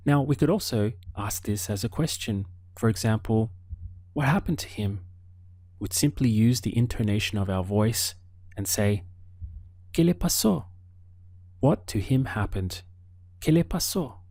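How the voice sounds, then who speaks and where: A man teaching an audio language lesson, prompting the listener patiently and pausing for answers. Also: fairly low pitch, a little mellow, no echo. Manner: slow, patient prompting with pauses for the learner.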